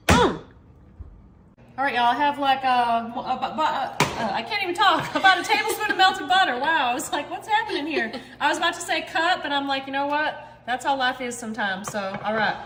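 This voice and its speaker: A woman's voice: sits high, sharp tone, echoey room, a little hiss or hum. Bubbly, chatty woman cooking at home. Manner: chatty and bubbly, says y'all often. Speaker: cooking channel host. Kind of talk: casual cooking chat to camera. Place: home kitchen.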